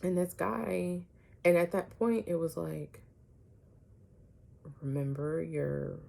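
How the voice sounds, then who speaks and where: A woman vlogger telling a personal story to her viewers, animated, often asking "right?" and dropping some words to a whisper. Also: on the low side, measured pace, gravelly.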